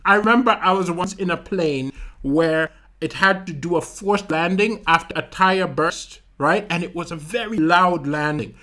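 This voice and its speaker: Malawian man telling an animated story. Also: high-pitched, normal speed. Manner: animated storytelling with vocal sound effects. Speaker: comedian. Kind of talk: stand-up comedy livestream talking to chat.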